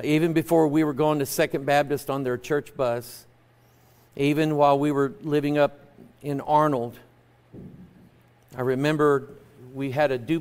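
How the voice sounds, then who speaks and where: A man preaching a sermon as pastor, at times raising his voice and at times speaking softly and personally. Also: a little high. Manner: preaching loudly then dropping to a soft, personal tone.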